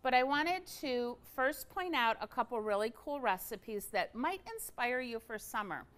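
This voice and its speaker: A woman's voice: a little high, expressive, moderate pace, fairly bright tone. A woman hosting a casual livestream product demo from an indoor craft studio, chatty and enthusiastic, with frequent fillers.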